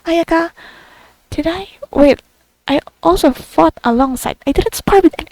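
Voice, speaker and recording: Her voice is very high yet darkish in tone, and she speaks at a moderate pace over slight background noise. The young woman is talkative and giggly, casually narrating to herself as she plays a video game's story quest.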